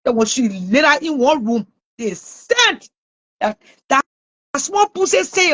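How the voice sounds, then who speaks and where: This online commentator, a woman with a high voice and a Liberian English accent, mocks and scolds someone in a taunting live rant. She's very animated yet slow-paced, with a fairly bright tone and frequent laughs.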